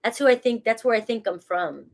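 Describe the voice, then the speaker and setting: A woman's voice: a little high, lively intonation, brisk, a little hiss or hum. Chatty woman giving a casual tarot reading. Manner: chatty, rambling, laughs at herself. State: has a cold. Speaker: tarot reader.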